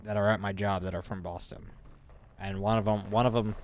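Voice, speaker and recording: A man's voice: lowish voice, steady tone, brisk, a little hiss or hum. Joking man streaming a game. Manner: joking, laughs often. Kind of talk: casual gaming chat.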